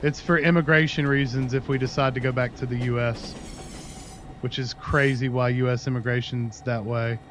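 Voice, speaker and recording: A man's voice: medium pitch, level tone, normal speed, highs cut off, slight background noise. A man chatting casually on his livestream, telling a long rambling story and talking to his dog in between. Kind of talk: casual chat with stream viewers.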